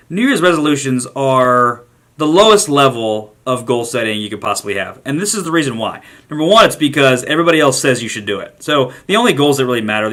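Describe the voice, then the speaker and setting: A man's voice: mid-range voice, bright, forceful tone. A man hosting a short daily vlog, ranting emphatically and repeating himself for emphasis. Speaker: podcast host.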